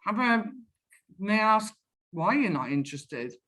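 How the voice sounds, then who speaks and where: Woman guest in a casual interview, lively anecdotes, acts out both sides of calls. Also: mid-range voice, measured pace. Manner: animated storyteller, acts out phone calls. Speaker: guest, sales professional.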